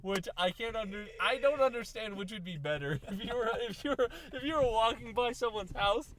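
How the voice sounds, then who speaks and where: A young man co-hosting a casual podcast, animated and laughing, acting out imagined voices. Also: high-pitched, fairly quick. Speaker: podcast co-host. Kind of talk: casual chat.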